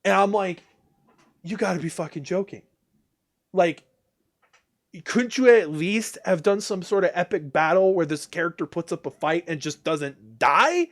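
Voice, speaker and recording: A man's voice: high-pitched, measured pace. A man streaming a game, ranting casually and crudely with many restarts and exasperated outbursts. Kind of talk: casual ranting chat while gaming.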